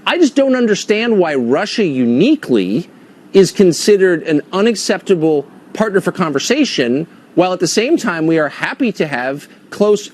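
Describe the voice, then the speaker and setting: A man's voice: high-pitched, a little mellow. A man hosting a cable news interview segment, asking pointed, skeptical questions. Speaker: host.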